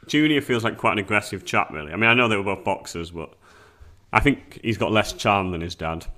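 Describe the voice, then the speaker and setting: Low-voiced guy on a comedy pod, wry, riffs on every joke. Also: expressive, fairly quick, sharp tone. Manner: wry, riffs on jokes, trailing restarts. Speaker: podcast co-host. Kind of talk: casual comedic banter.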